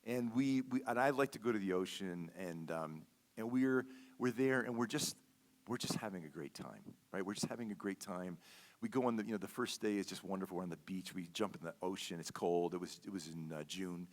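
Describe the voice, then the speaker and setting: In a church sanctuary, a guest speaker with a low voice delivers a sermon fairly quickly. He tells a personal story conversationally, repeating words and checking in often with "okay?"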